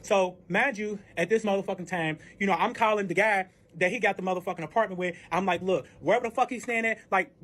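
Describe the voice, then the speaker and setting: Man, quick and high-pitched, casual storyteller, curses nonstop, reenacts arguments. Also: a bit bright. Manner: profane, heated, reenacts arguments. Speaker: storyteller recounting a breakup.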